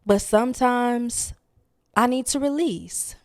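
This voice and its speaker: A woman's voice: fairly high pitch, slow pace, a little mellow, no echo, studio quality. A young woman, talking candidly and earnestly in a reflective vlog monologue, dropping slang and checking in with "okay?" as she goes. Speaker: wellness vlogger.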